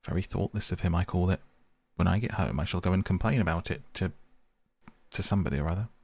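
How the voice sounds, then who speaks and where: A man's voice: deep voice, fast talker, gravelly, a little mellow, husky, no room sound, heavily acted. A man voicing a fussy, stubborn male mole who grumbles and complains in a petulant way.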